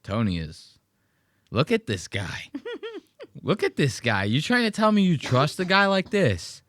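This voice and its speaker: Podcast guy riffing on clips, crude jokes, crisp dry close mic. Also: on the high side, huge pitch swings, unhurried, a bit bright, no echo. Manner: joking, profane, rambling. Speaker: podcast host. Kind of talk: casual reaction commentary.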